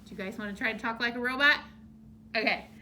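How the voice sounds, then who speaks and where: A woman teacher explaining shapes to young children, slow and exaggerated in her delivery. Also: fairly high pitch, pushed and bright, a little hiss or hum. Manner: slow, drawn-out, exaggerated for small kids.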